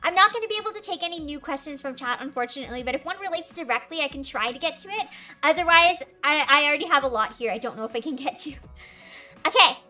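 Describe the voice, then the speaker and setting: A young woman hosts a casual livestream Q&A, chatty and giggly and saying "like" constantly. Her high voice is animated, pushed and bright, moving at a quick pace. Faint music plays in the background.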